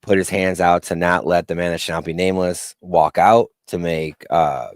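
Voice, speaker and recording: A man's voice: low voice, fairly even intonation, normal speed, no room sound. A man co-hosting a casual wrestling podcast, rambling with lots of fillers and acting out little quotes. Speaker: podcast co-host.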